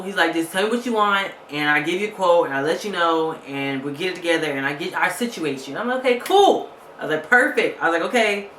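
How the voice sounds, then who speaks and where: A woman's voice: fairly low pitch, bright, forceful tone, echoey room, a little hiss or hum. A woman vlogger telling a story casually, angry and fed up, retelling a phone call with lots of quoted back-and-forth.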